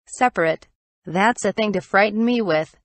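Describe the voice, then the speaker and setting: A proud countess speaks with stern, cold scorn, read by a woman narrator. The voice sits at a medium pitch. The sound is close and dry. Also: normal speed, no room sound, close to an everyday voice. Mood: stern, scornful.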